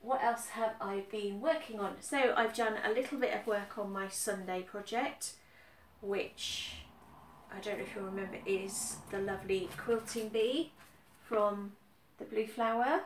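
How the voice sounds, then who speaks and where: Speaking unhurriedly in a steady, mid-range voice, a British woman who vlogs about cross-stitch talks casually about her work, full of ums and repeated phrases. The mic sits somewhat far off, with roomy echo and faint background noise.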